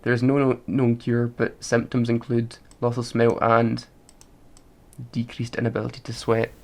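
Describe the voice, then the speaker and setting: A man's voice: mid-range voice, monotone, moderate pace, gravelly. A man co-hosting a casual podcast, arguing his point and reading out facts. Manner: argumentative, reads out facts. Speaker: podcast co-host. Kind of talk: casual chat.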